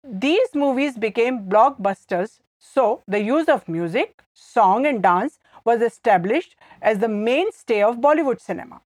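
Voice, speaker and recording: A woman co-hosting an educational podcast, reading a script in a measured teaching tone. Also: fairly high pitch, expressive, no room sound. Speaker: podcast co-host.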